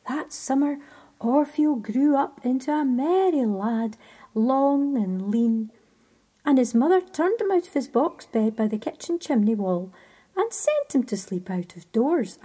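A woman telling a story in a soft, hushed whisper. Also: high-pitched, expressive, a little slow, breathy edge.

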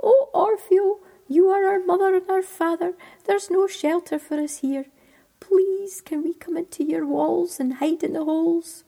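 A woman's voice: very high-pitched, steady tone, a little slow, creaky, warm tone, pitched above the performer's own voice, heavily acted. A woman voicing tiny adoring creeping creatures with piping, gushing voices in a whispered role-play story. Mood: pleading.

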